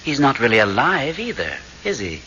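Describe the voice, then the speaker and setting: An actor playing a calm, teasing male ghost in an old radio drama, in a wry, eerily calm manner. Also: mid-range voice, moderate pace. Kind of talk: 1970s radio drama acting. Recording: muffled old radio broadcast, faint hiss.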